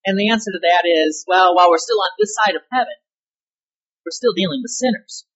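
A woman's voice: mid-range voice, brisk. Woman pastor, sermon, emphatic, leans on key words, rhetorical questions, dull muffled recording.

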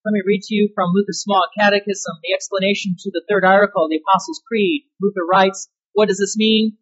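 A woman's voice: medium pitch, steady tone, a little fast, slightly rough. Woman pastor, sermon, emphatic, leans on key words, rhetorical questions, dull muffled recording.

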